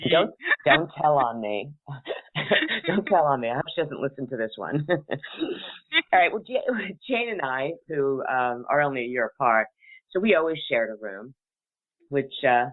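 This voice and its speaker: A middle-aged woman hosting a radio talk show, chatting and telling stories in a rambling way and laughing often. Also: a bass voice. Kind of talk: casual chat and storytelling. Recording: tinny phone-like line.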